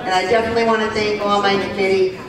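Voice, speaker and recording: A woman organizing the event makes thank-you announcements in a casual, halting way. Her voice echoes heavily around a banquet hall. It is picked up from a distance over crowd chatter and noise. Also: mid-range voice, level tone. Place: banquet hall at a country club luncheon.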